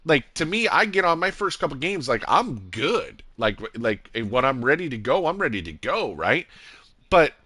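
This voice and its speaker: Animated man streamer, crisp and dry. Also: a little high, moderate pace, no room sound. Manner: animated, rambling, acts out quotes in other voices. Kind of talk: casual gaming chat on a live stream.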